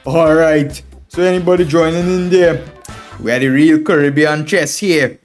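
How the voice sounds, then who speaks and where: A man's voice: a little high, fairly even intonation, moderate pace, faint music behind. A man with a strong Trinidadian accent, chatting on a live chess stream in a boisterous, drawling way and tagging "man" onto his sentences. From Trinidad and Tobago. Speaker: chess streamer, international master. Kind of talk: casual live stream chat.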